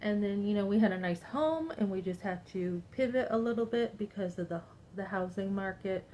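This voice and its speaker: An upset woman in her fifties talks straight to her viewers in a rambling, emphatic monologue. Her voice sits in a middle pitch, and she often acts out what other people said. Faint background noise runs under her voice. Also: normal speed, dark tone, low-quality recording. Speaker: vlogger. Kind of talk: personal monologue to camera.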